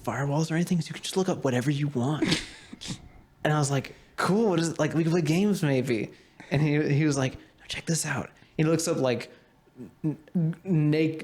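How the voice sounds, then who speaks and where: A man's voice: mid-range voice, a little mellow. A young man co-hosting a podcast, chatting casually and telling rambling stories with lots of fillers and laughter. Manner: rambling storyteller, many fillers, laughs often. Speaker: podcast co-host. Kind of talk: casual chat.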